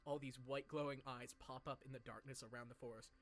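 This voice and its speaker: A man narrating as game master in a tabletop game, describing scenes slowly with hesitant restarts. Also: mid-range voice, fairly even intonation, music in the background.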